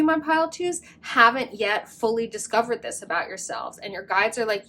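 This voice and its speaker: A woman's voice: medium pitch, a bit bright, slight background noise. A woman reading tarot cards to camera in a gushing, effusive way, full of fillers and affirmations. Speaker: tarot reader.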